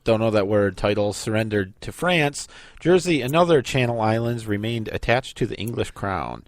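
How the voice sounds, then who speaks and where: A man's voice: on the low side, expressive, moderate pace, no room sound. Easygoing male podcast co-host. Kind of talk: casual chat.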